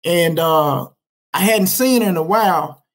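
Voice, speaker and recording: A man's voice: sits high, measured pace. Middle-aged man from Dallas telling his story. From Dallas, Texas. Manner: slangy, repetitive street storytelling with many restarts. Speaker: podcast guest. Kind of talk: telling his life story in a casual interview.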